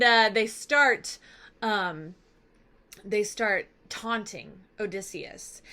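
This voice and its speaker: A woman teacher who recaps a story in a casual, animated and playfully dramatic way. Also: a little high.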